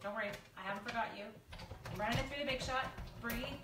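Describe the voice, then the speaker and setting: A woman's voice: fairly high pitch, fast, heavy background noise. A woman hosting a live craft demonstration, chatting playfully with viewers and teasing herself as she works. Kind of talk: casual live craft demo.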